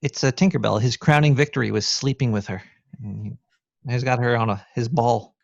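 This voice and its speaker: A man with a gravelly voice co-hosts a casual podcast, dropping dry wisecracks. His voice sounds slightly muffled on a lo-fi recording. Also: medium pitch, fairly even intonation, fairly quick. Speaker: podcast co-host. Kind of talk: casual chat.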